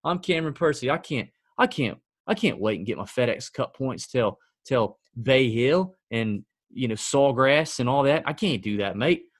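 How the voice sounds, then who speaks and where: A man's voice: mid-range voice, expressive, moderate pace, hardly any pauses, no room sound, studio quality, lightly acted. A man putting on a mock Australian accent to play a cocky male pro golfer who boasts about picking on weak fields. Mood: smug. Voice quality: boastful, self-satisfied.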